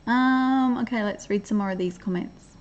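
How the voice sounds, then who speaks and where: A woman's voice: fairly high pitch, moderate pace, dull audio. Chatty Australian woman livestreaming. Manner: chatty, laughs often, reads comments aloud. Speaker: livestream host. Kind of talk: casual chat reading live comments.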